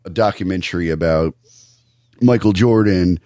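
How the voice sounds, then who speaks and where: A man co-hosting a podcast, talking things over in a thoughtful, halting way with many restarts. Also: low voice, warm tone, no echo, clean studio sound. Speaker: podcast co-host. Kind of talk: casual podcast discussion.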